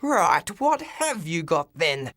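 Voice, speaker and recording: A man voicing a male taxi driver in a storybook reading, panicky at first and then shouting and growling in anger. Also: on the high side, big pitch swings, slow pace, no room sound, clean studio sound, exaggerated voice. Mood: furious.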